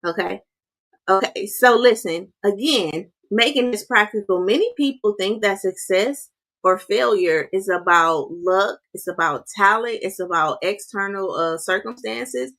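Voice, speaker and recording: A woman's voice: medium pitch, a little slow, a bit bright. A woman hosting a motivational livestream, talking casually and often checking in with "right?" and "you guys".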